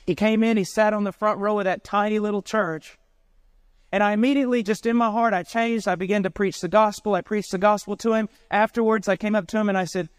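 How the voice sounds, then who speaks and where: Impassioned high-voiced male preacher. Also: fairly even intonation, fairly quick, clear, resonant tone, no room sound, clean studio sound. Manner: impassioned storytelling, rising to emotional peaks. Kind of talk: sermon.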